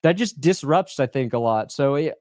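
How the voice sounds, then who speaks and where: A man's voice: medium pitch, expressive, moderate pace, darkish tone, no room sound, clean studio sound. A man co-hosting a casual sports podcast, chatty and loose, with lots of fillers and restarts. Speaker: podcast co-host.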